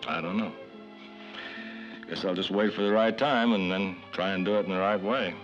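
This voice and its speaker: An actor playing a thoughtful middle-aged suburban father, talking in an earnest, soft-spoken, self-questioning way in a 1950s sitcom. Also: low-pitched, fairly even intonation, moderate pace, lightly acted. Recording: dull 1950s TV soundtrack with faint music.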